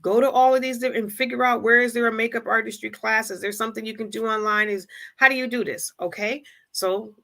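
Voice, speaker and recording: A woman's voice: a little high, fairly even intonation, a little fast, vocal fry, bright, forceful tone. A woman hosting a motivational live-stream talk in an emphatic, casual, direct way, acting out quoted voices. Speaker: host.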